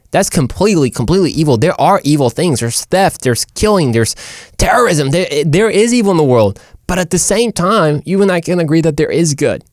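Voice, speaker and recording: A man's voice: on the high side, a little mellow, no room sound, studio quality. An American man hosting a casual, jokey motivational talk in a playful voice. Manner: playful, jokey, uses silly voices and whispers. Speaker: host.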